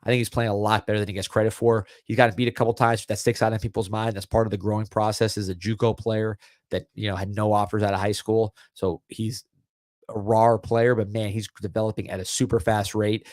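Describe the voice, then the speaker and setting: A man's voice: lowish voice, fairly quick, dry recording, studio quality. A middle-aged man hosting a live sports podcast. He chats casually and repeats words as he gathers his thoughts. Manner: relaxed, chatty, repeats words while thinking. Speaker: podcast host.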